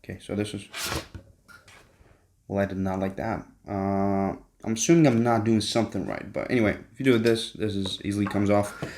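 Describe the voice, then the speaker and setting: Excitable young man with gravelly voice. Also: fairly low pitch, moderate pace. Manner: excitable, swears often, jumps between hushed whispers and squeals. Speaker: vlogger. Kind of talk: casual unboxing commentary.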